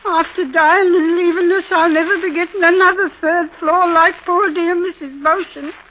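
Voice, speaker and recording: A woman's voice: very high-pitched, steady tone, normal speed, slight background noise. A gabby landlady. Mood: gossipy. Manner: rambling, gossipy storyteller. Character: chatty Irish landlady, fussing and loyal. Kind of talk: 1930s radio drama acting. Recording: dull lo-fi 1930s radio recording.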